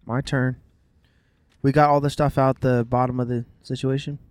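A man's voice: medium pitch, level tone, normal speed, darkish tone, smooth, no echo. A man in his thirties, chatting casually with his wife while driving, with playful jokes and asides. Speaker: vlogger, father. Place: car.

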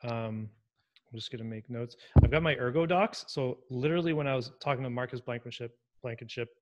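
A man who works as a software engineer, a podcast guest chatting in a friendly, rambling way. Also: mid-range voice, fairly quick, dull audio. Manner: friendly, rambling, chuckles, talks through tasks. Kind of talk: casual chat.

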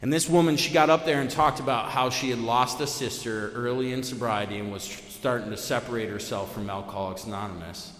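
A man's voice: brisk, few pauses. Man telling his story in an echoey hall. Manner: lively storytelling with big pitch swings, many fillers. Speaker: AA main speaker. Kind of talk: personal recovery talk at a meeting. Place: meeting room. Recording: echoey hall, long reverb.

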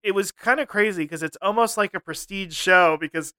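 A man's voice: high voice, fairly quick, sharp tone, smooth, no room sound. A man co-hosting a comedy podcast, laughing often and ranting in mock seriousness. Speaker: podcast co-host. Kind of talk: casual comedy chat.

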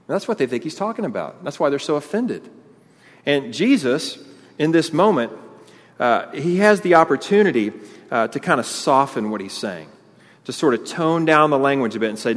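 A pastor, preaching an animated sermon and acting out the crowd's voices. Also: male voice, medium pitch, normal speed. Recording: long hall reverb.

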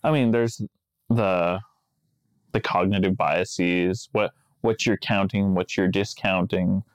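A man's voice: deep voice, fairly even intonation, slow pace, dry recording. A man co-hosting a podcast in casual chat, wry and joking, laughing often. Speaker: podcast co-host.

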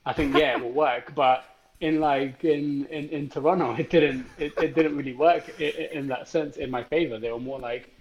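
A man's voice: fairly high pitch, fairly even intonation, moderate pace. British man, podcast co-host, casual chat, swears freely, muffled lo-fi sound. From Britain. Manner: swears freely, laughs through anecdotes.

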